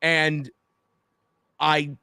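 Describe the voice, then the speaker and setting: Halting, high-voiced self-justifying man. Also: level tone, vocal fry, sharp tone, smooth, dry recording, clean studio sound. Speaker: streamer in a played clip. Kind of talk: casual monologue to viewers.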